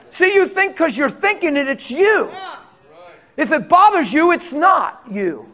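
High-voiced preaching pastor. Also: male voice, sing-song, measured pace. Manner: dynamic preaching, swings from hushed to shouting. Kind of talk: sermon.

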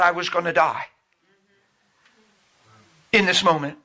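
A man's voice: on the high side, normal speed, pushed and bright, slightly rough. A man preaching a sermon, telling a personal story with fervent, emotional storytelling.

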